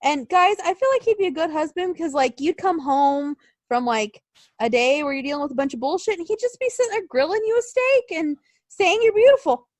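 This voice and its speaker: Woman podcast co-host, high and lively voice, giggly and gushing, dry close sound. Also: fairly quick, no echo. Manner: gushing, giggly, swears casually. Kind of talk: casual chat.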